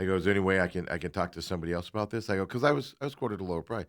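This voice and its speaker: Male talk host, lowish voice, casual anecdote, plays out both sides of the dialogue. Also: rapid-fire. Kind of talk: casual storytelling chat.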